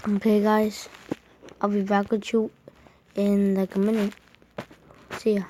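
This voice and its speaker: A woman's voice: mid-range voice, monotone, a little slow. A woman giving casual gameplay commentary at home, rambling and correcting herself while keeping her voice down. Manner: rambling, self-correcting, talking quietly. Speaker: mobile game YouTuber. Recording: noisy home recording with clicks.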